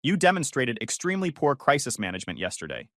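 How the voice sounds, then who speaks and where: A man's voice: medium pitch, big pitch swings, fast talker, no room sound, studio quality, lightly acted. A male narrator voicing a pompous, condescending man who talks like he's running a board meeting. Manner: formal, condescending. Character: pompous stiff corporate-minded man.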